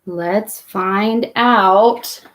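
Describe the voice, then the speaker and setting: Slow gentle children's storyteller woman. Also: medium pitch. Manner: gentle, encouraging, asks listeners questions. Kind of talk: reading a picture book aloud to children.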